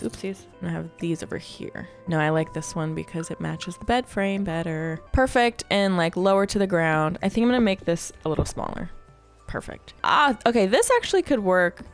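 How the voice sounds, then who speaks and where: Chatty young woman with lilt. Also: fairly low pitch. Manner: chatty, thinking aloud with playful asides. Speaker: Sims building creator. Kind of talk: casual gameplay commentary.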